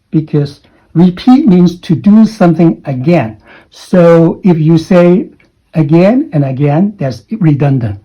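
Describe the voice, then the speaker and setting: A man's voice: a little high, lively intonation, measured pace, breathy edge. A man teaching an English lesson. He explains patiently and often checks understanding with "okay?". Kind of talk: recorded lesson. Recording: dull lo-fi recording.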